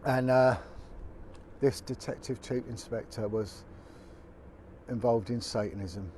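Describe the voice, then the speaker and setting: A man's voice: medium pitch, fairly even intonation, slow, warm tone. Former detective vlogger, man, colloquial and indignant; a little background noise. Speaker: former detective turned video blogger. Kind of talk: impassioned direct-to-camera update.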